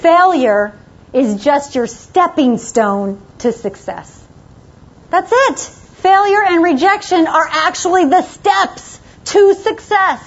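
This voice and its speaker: Woman motivational speaker, high-pitched and emphatic, urging her audience on; dull, muffled recording. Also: lively intonation, slow. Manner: emphatic, exhorting, repeats short commands. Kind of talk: motivational talk to a live audience.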